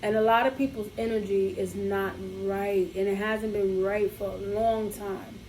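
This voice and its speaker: A woman, co-hosting a podcast, telling a story in casual chat and acting out both sides of it, animated and profane. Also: mid-range voice, a little slow, a little hiss or hum, poor audio. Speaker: podcast co-host.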